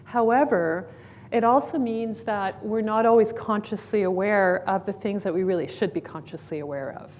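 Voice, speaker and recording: A woman counsellor leading a mindfulness exercise at a conference, giving calm, slow guided instructions with light humor. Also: mid-range voice, a little hiss or hum. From Canada. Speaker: clinical counsellor. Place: conference room.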